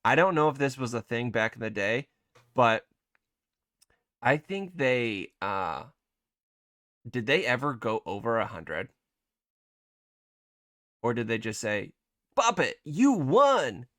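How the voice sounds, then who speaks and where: Bright, dry-sounding teasing man. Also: medium pitch, lively intonation, slow pace, pauses often, dry recording. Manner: teasing, blunt, laughs often. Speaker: podcast co-host. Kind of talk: casual chat.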